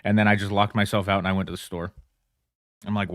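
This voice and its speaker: Rambling low-voiced man on a dry mic. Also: little pitch movement, quick pace, pauses often, dry recording. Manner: rambling, self-mocking, laughs often. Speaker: livestream trader. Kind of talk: casual livestream chat.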